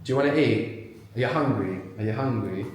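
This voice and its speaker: A man's voice: mid-range voice, darkish tone, slight background noise. Man teaching a live class in an echoey room. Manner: prompting, quick explanations with pauses for answers. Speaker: language teacher leading a live workshop. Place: large room with a live audience.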